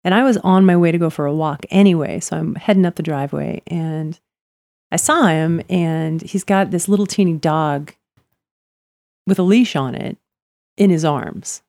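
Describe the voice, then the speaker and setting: A woman's voice: sits low, moderate pace, vocal fry, a little mellow, no room sound, clean studio sound. A woman chatting casually, telling stories about her neighbors, acting out their lines and laughing often. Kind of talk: casual chat.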